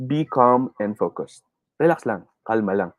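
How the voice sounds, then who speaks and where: Teaching a live online speech class, this Filipino-accented man from the Philippines cheers his students on, reads viewer comments aloud, and switches between English and Tagalog. His fairly low voice is animated at a moderate pace, in a dry recording with the highs cut off.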